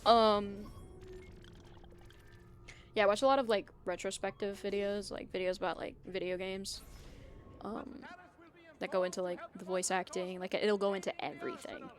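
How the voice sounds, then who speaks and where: A woman's voice: mid-range voice, level tone, moderate pace, pauses often. A young woman streaming live, chatting casually with viewers in a rambling way, full of fillers and frequent laughter. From United States.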